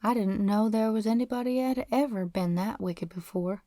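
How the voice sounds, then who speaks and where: A woman's voice: medium pitch, normal speed, dark tone, no echo, clean studio sound, natural voice. A woman reading an audiobook voices a poor, defiant teenage farm boy who runs away, speaking in earnest folksy backcountry grammar.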